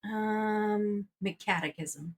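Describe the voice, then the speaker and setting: A woman's voice: medium pitch, drawn-out words. A woman playing a trivia quiz, giving short, hesitant guesses and playful remarks. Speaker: quiz contestant. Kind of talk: casual game banter.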